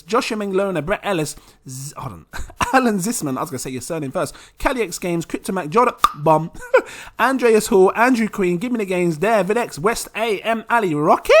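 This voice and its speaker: A young man hosting a casual crypto vlog, chatty and excitable, laughing often. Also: sits high. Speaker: crypto channel host.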